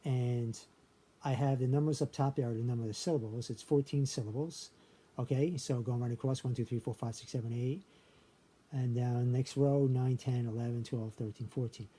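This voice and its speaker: Explaining a memory trick step by step over a casual screen share, this man says "okay" after almost every phrase and counts syllables out loud. He speaks at normal speed in a mellow, mid-range voice with a breathy edge and fairly even intonation.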